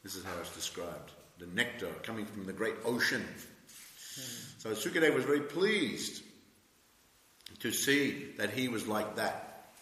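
A man giving a scripture lecture, halting with many fillers and restarts, then pressing his points emphatically. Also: fairly low pitch, animated, pushed and bright. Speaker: spiritual teacher giving a scripture class. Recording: echoey hall with long reverb.

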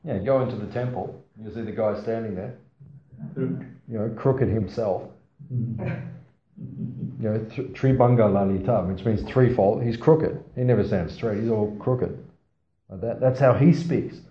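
A man's voice: on the low side, a little slow, long pauses. A man giving a scripture class to a small audience. He tells stories, asks the audience questions, and makes playful asides. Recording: roomy, slightly dull sound.

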